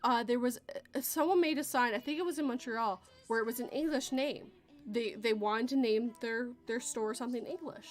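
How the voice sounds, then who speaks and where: A woman's voice: a little high, normal speed, faint music behind. A woman from Canada hosting a casual podcast chat, rambling and correcting herself as she goes, often laughing. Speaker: podcast host.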